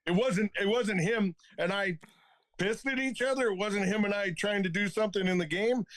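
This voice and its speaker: Profane retired hockey enforcer. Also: male voice, high-pitched, normal speed, fairly bright tone, dry recording. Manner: profane, laughing anecdotes. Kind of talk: casual storytelling.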